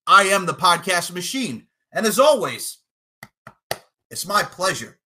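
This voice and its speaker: A man cutting a boastful, profane wrestling trash-talk promo, taunting his opponent and breaking into shouted lines. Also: sits high, sing-song, measured pace, slightly rough. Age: adult, podcasting eight years. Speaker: podcast promo contestant.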